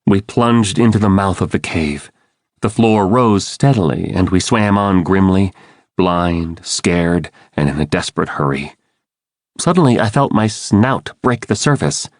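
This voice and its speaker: A man's voice: low voice, measured pace, no room sound. A man giving urgent, dramatic first-person audiobook narration into a close studio mic.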